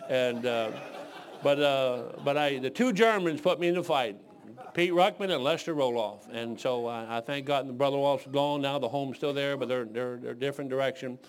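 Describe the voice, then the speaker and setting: A man's voice: medium pitch, moderate pace, clean tone. A man in his sixties from Detroit, preaching a folksy sermon full of rambling, joking stories. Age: 60s.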